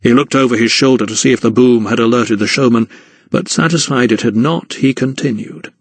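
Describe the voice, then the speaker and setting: The narrator of this audiobook is a man whose storytelling voice is steady, measured, and middling in pitch. His scripted reading is captured dry and close, with no room sound.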